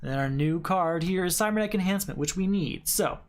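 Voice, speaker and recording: A man's voice: high voice, a little fast. A man playing a solo card game, thinking aloud as he reads card text and counts points in a casual play-through.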